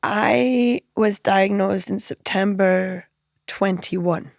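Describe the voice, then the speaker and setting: A woman comedian guest spins animated anecdotes, slipping into other people's voices as she goes. Her voice carries a gravelly fry at mid pitch, recorded close and dry. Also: very slow, dry recording. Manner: animated anecdotes, acting out other people's lines, frequent laughter. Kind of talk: podcast interview storytelling.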